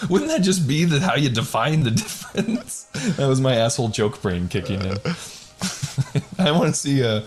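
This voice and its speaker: A man's voice: medium pitch, very animated, takes it slowly, pauses often. A middle-aged man co-hosting a podcast, joking crudely and laughing often in casual chat. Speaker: podcast co-host.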